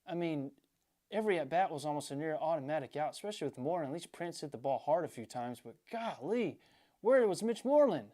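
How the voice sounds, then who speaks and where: Annoyed guy venting about sports, kinda high voice, fast and heated. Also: animated, mellow. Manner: frustrated, ranting. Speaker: sports fan commentator. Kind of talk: ranting sports vlog.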